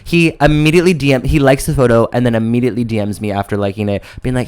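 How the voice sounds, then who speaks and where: A man's voice: medium pitch, fairly even intonation, very fast, darkish tone, smooth. A man co-hosting a podcast, telling a long story in a chatty, gossipy way, full of "like". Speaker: podcast co-host. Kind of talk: casual chat, storytelling.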